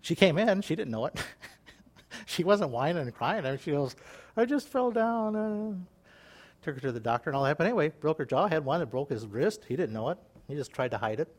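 A middle-aged man preaching an informal sermon in a folksy, animated way, often laughing and acting out voices. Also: a little high, a little fast, husky.

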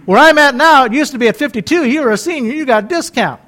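A man's voice: very high-pitched, lively intonation, quick pace, bright, forceful tone. A man in his fifties preaching in a folksy, conversational way, joking and wandering into chatty asides. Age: 50s. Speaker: pastor.

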